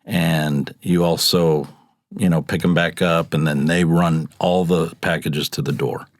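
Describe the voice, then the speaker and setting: A man's voice: a little slow, dry recording, studio quality. A middle-aged man telling work stories in casual chat, acting out what people said in a raised voice. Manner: animated storyteller, acts out quotes in a much higher voice. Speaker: guest, UPS delivery driver. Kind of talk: casual storytelling in a podcast chat.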